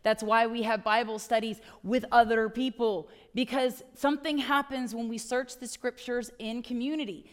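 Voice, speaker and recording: A middle-aged woman delivers a sermon in a high voice. She is chatty and wry, pressing her points with emphasis and tag questions. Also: fairly even intonation, moderate pace, hardly any pauses. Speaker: pastor.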